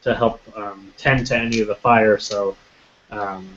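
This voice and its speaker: A man narrating a tabletop game as game master, halting, with many ums and restarts. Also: fairly low pitch, fairly even intonation, fairly bright tone, a little hiss or hum. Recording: muffled lo-fi recording.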